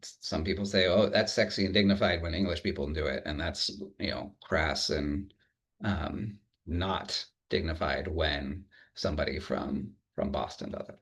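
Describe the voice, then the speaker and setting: A man giving an academic lecture in a relaxed, humorous way, with frequent fillers and self-corrections. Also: rumbling low, measured pace, gravelly. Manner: relaxed, humorous, thinks aloud with many restarts. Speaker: university lecturer.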